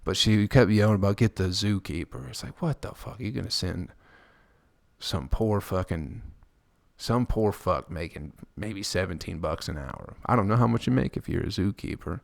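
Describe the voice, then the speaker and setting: A man's voice: lively intonation, moderate pace, vocal fry, dry recording. A man hosting a solo podcast, rambling crudely and joking with lots of swearing, speaking close to the mic. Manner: mimics people in high squeaky voices. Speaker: podcast host. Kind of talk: casual solo podcast monologue.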